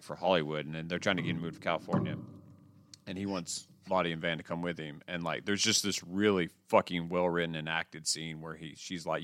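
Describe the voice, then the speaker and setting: Rambling, excitable podcast guy. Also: low voice, no echo, studio quality. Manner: rambling, excitable, swears, lots of "like". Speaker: podcast host. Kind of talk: casual chat recapping TV shows.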